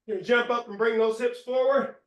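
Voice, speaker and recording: A man's voice: very high-pitched, fairly even intonation, fast talker, fairly bright tone, distant mic. A man leading a workout class as fitness instructor, giving short cues and counting reps aloud, at times out of breath. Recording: roomy echo.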